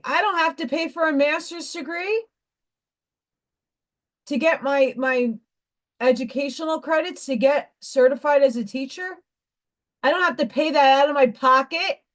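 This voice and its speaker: A woman's voice: high-pitched, unhurried, pauses often, a bit bright. A woman hosting a casual livestream, talking in a rambling, emphatic way and greeting viewers by name between her points. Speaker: livestream host and school teacher.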